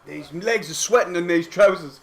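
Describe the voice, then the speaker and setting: A young man streaming a live football match reaction, shouting and swearing at big moments and then talking quietly as he reads the chat. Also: high voice, moderate pace.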